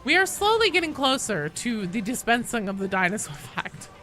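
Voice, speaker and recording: Lively, bright-voiced woman game streamer. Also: on the high side, moderate pace, faint music behind. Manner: animated, joking, swears and laughs often; yells in bursts during fights. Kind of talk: casual live-stream chat while playing.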